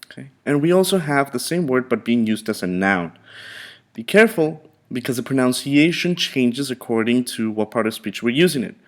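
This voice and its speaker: A man's voice: medium pitch, expressive. Man teaching a vocabulary lesson. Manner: slow, repetitive drilling with frequent "okay".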